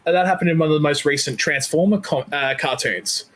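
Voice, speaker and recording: A man's voice: fairly high pitch, fairly quick, a bit bright. A man in his thirties hosting a casual podcast chat, rambling with lots of restarts and fillers. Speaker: podcast host.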